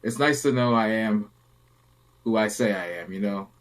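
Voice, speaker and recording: A man's voice: fairly low pitch, normal speed. A young adult man hosting a casual podcast, rambling through a story and acting out the people in it. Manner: relaxed, rambling, acts out quotes. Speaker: podcast host.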